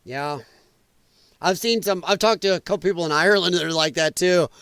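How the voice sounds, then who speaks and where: A man's voice: fairly high pitch, steady tone, moderate pace, sharp tone, clear, resonant tone, no echo. A man hosting a podcast livestream, rambling in casual commentary and reacting aloud to viewer chat. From United States. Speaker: podcast host.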